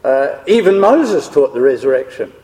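A man's voice: mid-range voice, sing-song, normal speed, warm tone. Man teaching scripture in a reverberant hall. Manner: explains step by step, checks in with the listeners. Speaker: Bible teacher. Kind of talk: scripture lecture to a class.

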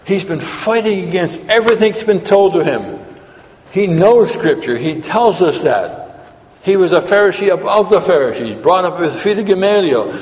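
A man's voice: sits high, expressive, normal speed, darkish tone. A man preaching a sermon, asking his listeners questions and acting out quotes as he goes. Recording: long hall reverb.

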